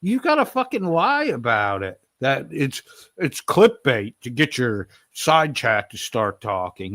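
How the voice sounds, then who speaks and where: A man's voice: medium pitch, sing-song, a little slow, fairly bright tone, no room sound. Dry, mocking male commentator. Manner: mocking, sarcastic. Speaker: commentary streamer. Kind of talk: reaction commentary.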